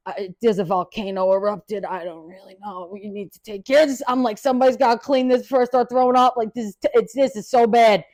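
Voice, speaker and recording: Animated, profane woman telling a story. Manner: drops low and quiet in asides. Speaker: podcast host. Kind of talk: casual storytelling rant.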